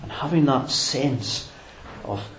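A man preaching a sermon in a measured, reflective way, pausing on fillers and restarting phrases. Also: medium pitch, a bit bright, echoey room, slight background noise, poor audio.

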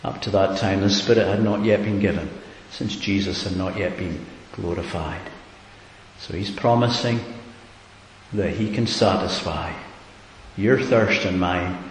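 A man's voice: fairly low pitch, unhurried. A man preaching a sermon earnestly, building to emphatic repeated questions. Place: church hall. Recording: echoey hall with faint hiss.

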